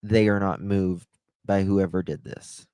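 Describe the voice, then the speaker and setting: A man with a lowish voice speaks slowly and thoughtfully as he hosts a live commentary stream. He muses aloud and keeps asking his viewers what they think. The sound is dry and close. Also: steady tone, warm tone, clear, resonant tone, no room sound. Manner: slow, musing, asks viewers questions. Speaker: livestream host.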